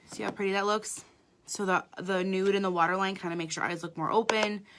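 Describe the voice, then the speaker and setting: Bright, sharp-toned woman, mid-pitched, chatty makeup artist talking viewers through a live tutorial. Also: fairly even intonation, brisk, slight background noise. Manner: chatty, talks straight to viewers.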